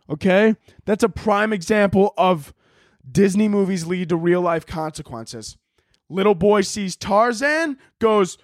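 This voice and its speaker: A man's voice: high-pitched, animated, a little slow, no room sound, clean studio sound. A man hosting a comedy podcast, delivering a profane, exasperated comedic rant. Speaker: podcast host. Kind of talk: ranting comedic monologue.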